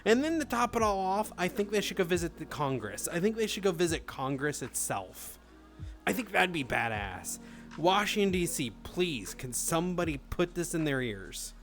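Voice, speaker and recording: A man's voice: sits high, big pitch swings, normal speed, fairly bright tone, faint music behind. A man in his thirties chatting casually on a live stream, swearing freely and answering chat.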